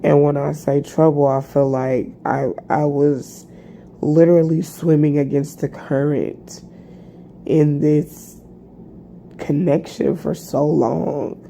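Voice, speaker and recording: Tired woman, gravelly voice, unhurried rambling talk, halting restarts, personal reflective vlog. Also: deep voice, steady tone, warm tone, slight background noise. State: tired, yawning. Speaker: spiritual vlogger.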